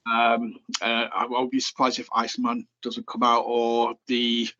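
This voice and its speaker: A man's voice: medium pitch, monotone, a little slow, pushed and bright, highs cut off. A man co-hosting a podcast, talking casually and rambling with plenty of fillers. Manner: rambling, filler-heavy, chatty. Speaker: podcast co-host. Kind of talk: casual chat.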